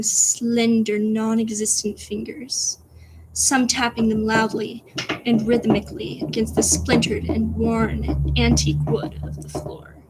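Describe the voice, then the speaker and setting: A woman streamer reading her own spooky story aloud, soft and whispery, with giggly asides to chat. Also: a little high, background noise.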